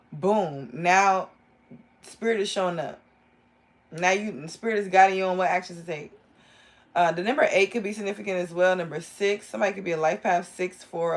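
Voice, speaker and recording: Casting: excitable woman doing a live tarot reading, casual and rambling. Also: on the low side. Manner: rambling, enthusiastic, talks straight to viewers. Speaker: tarot reader.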